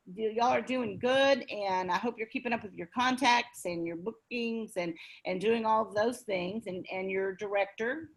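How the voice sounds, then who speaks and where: A woman's voice: medium pitch, slightly rough. A woman with a Texan accent, leading a group video call in a folksy, chatty way.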